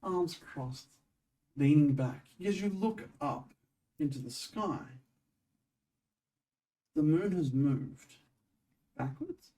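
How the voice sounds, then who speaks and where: Halting male game master, a bit off-mic. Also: a little high, expressive, mellow, distant mic, rough recording. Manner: halting, with restarts. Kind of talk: narrating a tabletop game.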